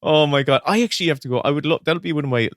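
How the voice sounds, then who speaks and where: A man's voice: on the high side, very fast, dry recording, clean studio sound. A man co-hosting a podcast, telling stories with lots of laughing during casual chat about films. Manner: laughs often, animated storytelling. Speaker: podcast co-host.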